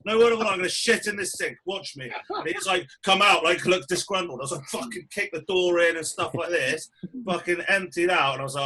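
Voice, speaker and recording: A man co-hosting a podcast, telling stories in a casual, sweary, animated way. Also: fairly high pitch, quick pace, husky. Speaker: podcast co-host. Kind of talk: casual chat.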